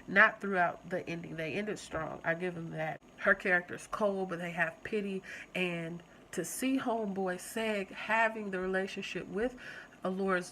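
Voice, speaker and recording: On her channel, the same young woman chats animatedly with viewers while casually reviewing a TV episode. Her voice has a medium pitch. The audio is poor, with a little hiss or hum.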